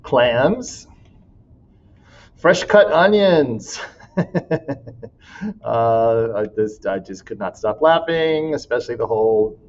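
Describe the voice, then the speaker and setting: A man's voice: medium pitch, lively intonation, slow pace, long pauses, lo-fi sound, a little hiss or hum. A man teaching a class in a recorded walkthrough, casual and laughing often as he reads student writing aloud.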